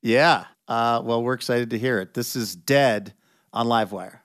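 A man's voice: medium pitch, moderate pace, a bit bright, no room sound, studio quality. A man hosting a radio show, asking meandering, thoughtful interview questions.

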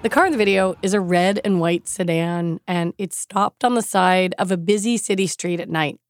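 A woman's voice: on the low side, normal speed, faint music behind. Woman hosting a tech podcast. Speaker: host. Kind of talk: scripted podcast narration.

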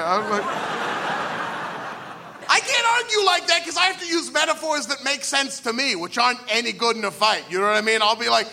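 A man doing a stand-up comedy set on a live radio show, self-deprecating, with excitable rants that climb into high shouts. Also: fairly quick, creaky, crowd noise, background noise.

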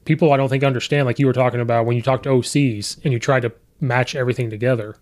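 A man's voice: medium pitch, fairly even intonation, very fast, darkish tone. Man telling coaching stories on a podcast. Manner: storytelling, quotes players and himself. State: voice sometimes hoarse from coaching. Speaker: podcast host and high school coach. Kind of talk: casual podcast chat.

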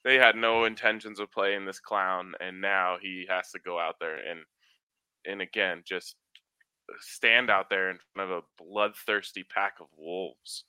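A man's voice: sits low, steady tone, measured pace, pushed and bright, smooth, dry recording. A man hosting a casual sports podcast, joking and trash-talking as he runs through betting picks. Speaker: podcast host giving hockey betting picks.

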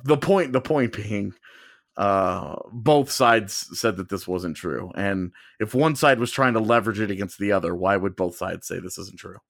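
Man, casual sports chat, rambling and animated, dry studio mic. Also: lowish voice, moderate pace, creaky, no room sound. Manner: rambling, self-correcting, animated. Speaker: sports podcast co-host. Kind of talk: casual hockey talk.

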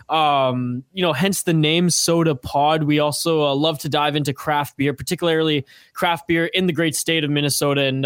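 A man's voice: a little high, no room sound, clean studio sound. A man guesting on a sports podcast, talking in an upbeat, jokey way and laughing often. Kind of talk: casual podcast chat.

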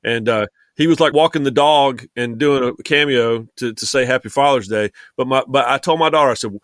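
A man's voice: medium pitch, brisk, hardly any pauses, dry recording. A man chatting as a guest on a sports podcast, rambling with many restarts and fillers. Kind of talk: casual chat.

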